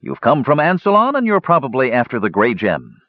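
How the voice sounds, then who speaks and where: A man's voice: medium pitch, huge pitch swings, fairly quick, pitched above the performer's own voice. A man voicing a glum, depressed male warrior chief who speaks listlessly. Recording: dull lo-fi recording.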